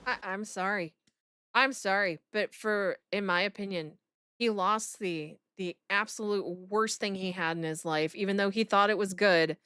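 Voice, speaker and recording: Woman streamer reacting live, bright voice, swears and exclaims a lot, dry close sound. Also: mid-range voice, normal speed, smooth, no echo. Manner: animated, swearing, exclaiming, talks to chat.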